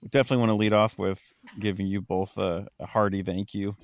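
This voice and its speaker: A man with a lowish voice chats loosely on a gaming podcast, full of ums and restarts. The sound is dry and close, with no room around it. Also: level tone, fast talker, no echo. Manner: rambling, lots of ums and fillers. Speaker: podcast co-host. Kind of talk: casual podcast chat.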